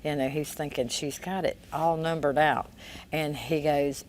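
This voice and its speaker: A woman's voice: deep voice, fairly even intonation, unhurried, darkish tone, a little hiss or hum. A woman guest giving a personal testimony in a Christian talk interview, telling her story with animation and acting out the dialogue.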